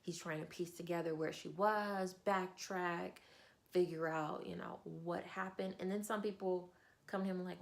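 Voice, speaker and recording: A woman book reviewer chatting through a novel's plot, slipping into characters along the way. Her voice sits on the low side and stays casual and animated. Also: a little slow, gravelly.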